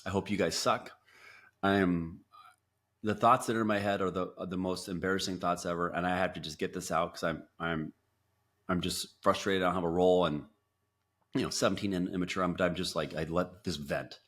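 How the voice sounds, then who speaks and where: A man with a very deep voice tells his story as a podcast guest. He talks in bursts full of restarts and acts out his own past quotes. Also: fairly even intonation, a little fast, fairly bright tone. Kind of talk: storytelling interview.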